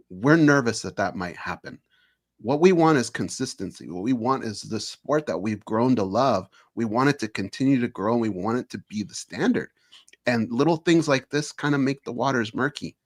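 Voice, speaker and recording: Impassioned man ranting on a sports panel. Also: medium pitch. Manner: impassioned, self-aware complaining. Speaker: co-host of a sports roundtable. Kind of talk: passionate rant.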